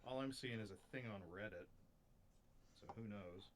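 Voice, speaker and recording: Male streamer, lower pitch, relaxed casual chat, trails off and restarts, light noise behind. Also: normal speed. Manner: hesitant, lots of uh and restarts. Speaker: streamer playing a game.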